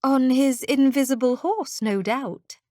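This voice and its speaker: A woman's voice: high-pitched, a little slow, mellow, dry recording. A woman voicing a wry princess who tells stories with a dry, sarcastic edge.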